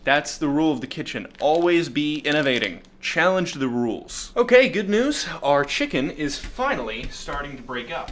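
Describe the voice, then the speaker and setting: Slight background noise sits under this cooking vlogger's fairly high, somewhat bright voice. He cooks odd dishes and playfully oversells them with mock seriousness, treating bad food like a triumph.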